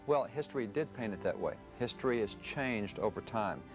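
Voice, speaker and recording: A man's voice: on the low side, animated, normal speed, over music. Emphatic man with rhetorical questions. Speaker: guest historian. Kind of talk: interview answers, then scripted narration.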